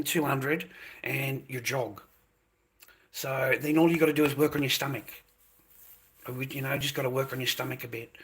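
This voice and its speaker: A man's voice: mid-range voice, a bit bright, husky. An older man, talking to viewers on his livestream in a rambling, repetitive way, full of "mate" and "boys".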